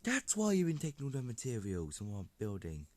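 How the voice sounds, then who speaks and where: A man voicing a sharp, knowing teenage girl classmate in a fan story, with dry, matter-of-fact delivery. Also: medium pitch, wildly swooping pitch, a little fast, slight background noise, pitched above the performer's own voice.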